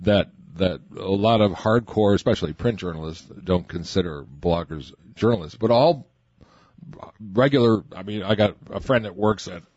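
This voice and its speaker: Low-voiced rambling male radio co-host. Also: normal speed, darkish tone, no room sound, muffled recording. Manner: rambling, restarts, emphatic. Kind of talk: political radio talk show.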